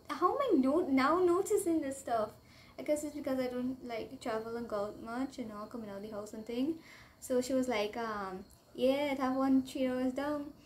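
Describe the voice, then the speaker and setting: Young Trinidadian woman, high voice, excitable rambling storytime vlog, slips into dialect. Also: slight background noise. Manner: chatty, rambling, excitable, drifting into local dialect. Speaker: vlogger. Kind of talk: casual storytime chat to camera.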